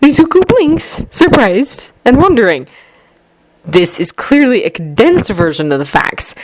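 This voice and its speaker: Expressive woman reading a story. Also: a little high, unhurried, dry recording. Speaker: narrator. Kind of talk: fan fiction audiobook reading.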